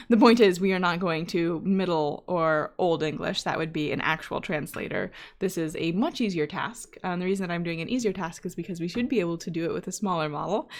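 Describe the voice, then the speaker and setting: A woman hosting a live coding stream, talking casually and thinking aloud with frequent fillers and asides, now and then reading viewer chat aloud. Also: lowish voice. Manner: reads chat messages aloud. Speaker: data scientist live-coding host.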